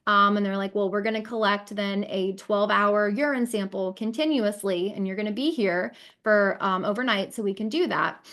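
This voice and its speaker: A woman in her thirties speaks as a guest on a conversational podcast. Her voice sits at an ordinary middle pitch, and she tells a personal story earnestly, acting out what others said and pausing on frequent fillers. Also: fairly bright tone.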